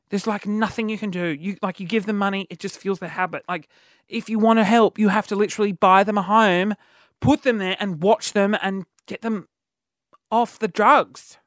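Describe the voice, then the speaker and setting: A man hosting a show from a studio, telling comedic stories in a rambling, animated way with lots of fillers. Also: high voice, no echo. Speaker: podcast host. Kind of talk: comedic monologue.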